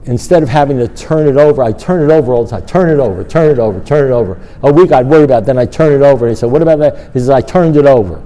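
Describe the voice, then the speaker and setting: A man's voice: mid-range voice, racing, hardly any pauses. An older man speaking at a recovery meeting, telling a personal story and acting out the dialogue with his sponsor. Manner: storytelling, animated, acts out dialogue. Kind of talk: personal testimony talk.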